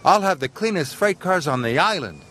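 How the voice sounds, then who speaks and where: A man's voice: on the high side, expressive, moderate pace, background noise, natural voice. A man voicing an eager, cheeky young male tank engine who sounds whiny and indignant in a cartoon.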